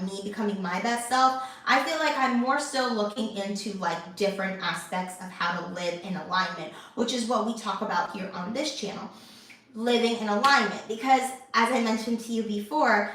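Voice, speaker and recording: A young woman chats casually to her viewers, piling up fillers, restarts and asides. Her voice sits a little high. The room is very echoey and the mic is some distance from her. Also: fairly bright tone. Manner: chatty, many fillers and restarts. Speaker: lifestyle channel host. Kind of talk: casual talk to camera.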